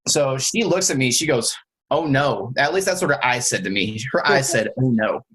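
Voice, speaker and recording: A man co-hosting a podcast, telling a story in a casual, animated way and acting out the quotes. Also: mid-range voice, a little fast, breathy edge, poor audio. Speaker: podcast co-host.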